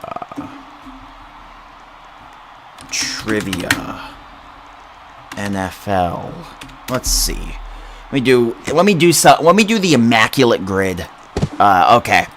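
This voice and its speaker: A man's voice: fairly low pitch, big pitch swings, takes it slowly, pauses often, noisy background. Giggly young man chatting on stream. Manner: giggly, rambling, self-mocking, repeats words. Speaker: livestream host. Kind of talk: casual livestream chat. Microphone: boom arm mic.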